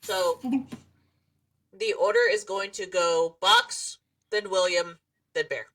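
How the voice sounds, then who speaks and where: Gravelly, giggly woman game master. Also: medium pitch, big pitch swings, a bit bright, far from the mic, slight background noise, rough recording. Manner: laid-back, giggly, halting with fillers. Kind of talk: running a tabletop game over voice chat.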